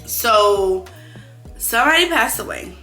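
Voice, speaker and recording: A young woman with a bright, forceful voice tells a casual vlog story about her small business, animated and quick to curse as she replays her own frustrations. The room rings with echo, and faint music sits underneath her. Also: on the high side. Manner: animated, swears freely, acts out her own frustrated thoughts. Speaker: clothing brand owner vlogging.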